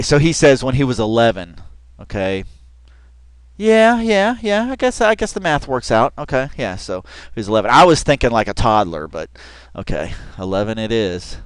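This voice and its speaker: A man with a smooth, mid-range voice gives casual reaction commentary on a video, heard in a dry recording. He rambles chattily with lots of fillers and restarts, and he often laughs as he talks.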